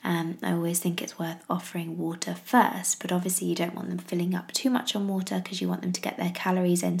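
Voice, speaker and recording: English mum chatting away, lowish voice, lots of vocal fry, kinda rambly. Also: female voice, darkish tone. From England. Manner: chatty, rambling with fillers and restarts. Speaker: parenting podcaster. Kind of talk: casual chat.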